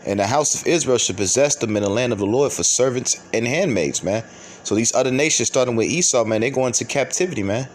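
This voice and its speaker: A man's voice: medium pitch, fast, a little hiss or hum. A man hosting his own video, casually teaching from scripture with a conversational, emphatic manner and many fillers.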